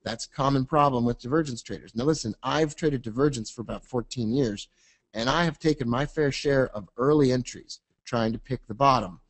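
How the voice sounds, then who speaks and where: Male webinar presenter, quick and casual, full of wisecracks and self-mockery. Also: medium pitch. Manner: jokey, self-deprecating, rambling asides. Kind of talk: fast casual screen-share presentation.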